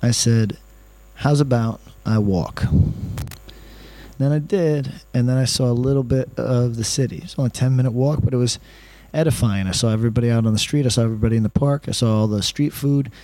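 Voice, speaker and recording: A man's voice: medium pitch, quick pace, dark tone, no echo, low-quality recording. A man rambles through a loose, unscripted monologue, his tone sarcastic and ranting. He swears freely and drifts between complaints and a travel story, talking from his hotel room. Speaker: travel vlogger.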